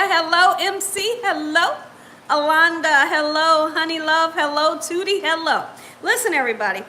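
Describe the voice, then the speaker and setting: A woman's voice: extremely high pitch, pushed and bright, a little hiss or hum. A woman hosting a live cooking stream, chatting upbeat with viewers, greeting them by name and laughing often. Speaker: cooking channel host.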